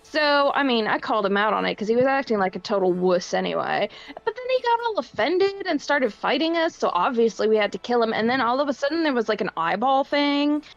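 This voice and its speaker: A woman's voice: fairly high pitch, animated, brisk, lo-fi sound. A woman playing a tabletop game, recapping the last session in a chatty, rambling, blunt way. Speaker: player.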